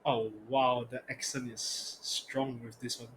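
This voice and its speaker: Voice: mid-range voice, measured pace, slight background noise. A streamer giving casual, amused let's-play commentary over the game. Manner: relaxed, amused remarks.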